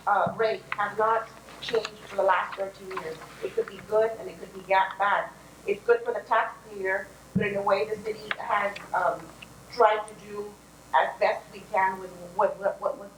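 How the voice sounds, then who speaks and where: A woman's voice: mid-range voice, fairly even intonation, moderate pace. A woman presents city finances at a public meeting. Her delivery is friendly and a little joking. She speaks into a podium mic, and the council chamber sounds echoey, with a faint hiss underneath. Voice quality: raspy. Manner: friendly, joking, walks through figures.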